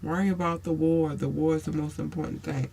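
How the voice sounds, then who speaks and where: A man's voice: a little high, fairly even intonation, brisk, gravelly, darkish tone, slightly rough. Blunt, swearing male podcast host. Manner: blunt, preachy, swears freely, calls listeners baby. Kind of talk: casual advice monologue.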